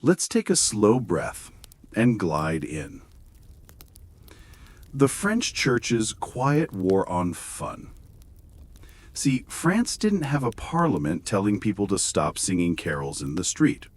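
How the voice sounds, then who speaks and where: A man reading a scripted bedtime history story with wry, gently sarcastic humor. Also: fairly low pitch, huge pitch swings, takes it slowly. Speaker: narrator.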